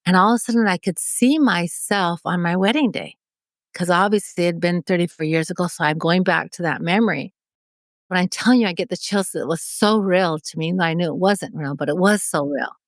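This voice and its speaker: A woman's voice: on the low side, a little fast, no room sound. A woman in her forties from Mexico, a podcast guest telling an emotional personal story and acting out the dialogue. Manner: vivid, acts out remembered dialogue.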